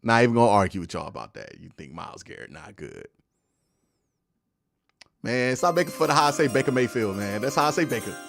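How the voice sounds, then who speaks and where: Hosting a live football post-game stream, a young man argues animatedly and responds to messages from his chat. His mid-range voice moves fairly quickly, with vocal fry and long pauses. The recording is dry, with faint music behind.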